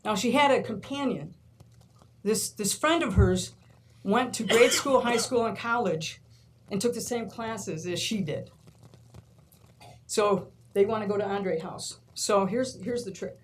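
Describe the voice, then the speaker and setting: A woman from New York gives a lively storytelling speech at a podium in a large meeting room. She acts out the people in her stories and laughs often. Her pitch sits in a middle range, with faint noise underneath. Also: a little slow, poor audio. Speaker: college instructor.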